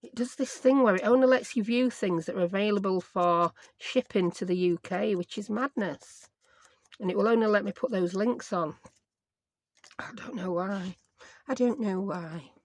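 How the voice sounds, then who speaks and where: A woman's voice: mid-range voice, normal speed, dry recording. Chatty Yorkshire woman at her craft desk. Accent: Yorkshire English. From Yorkshire, England. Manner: chatty, self-mocking, uses dialect words. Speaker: craft vlogger. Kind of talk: casual craft tutorial chat.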